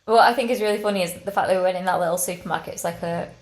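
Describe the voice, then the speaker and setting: A woman co-hosting a podcast, chatty and quick to giggle in a casual travel chat. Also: lowish voice. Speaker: podcast co-host.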